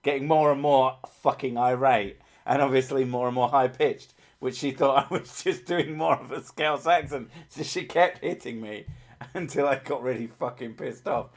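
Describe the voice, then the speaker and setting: A man's voice: mid-range voice, normal speed. A man hosting a casual livestream, reading out chat and joking with a lot of swearing. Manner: profane, joking, easily sidetracked.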